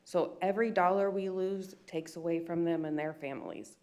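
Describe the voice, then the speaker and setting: A woman's voice: on the low side, fairly even intonation, normal speed, darkish tone. A woman with an American accent, a business owner making an upset, emotional public comment at a county meeting. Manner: upset, pleading, retells phone calls.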